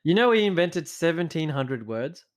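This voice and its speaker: A man's voice: fairly high pitch, sing-song, normal speed. A man, co-hosting a podcast in playful, teasing casual chat. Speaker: podcast co-host.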